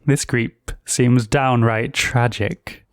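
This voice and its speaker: A man's voice: mid-range voice, fairly even intonation, slow, dry recording. Man putting on a sly old hag, raised voice, mocking, dry close sound. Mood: taunting. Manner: mocking, prying taunts. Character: mischievous old female forest hag.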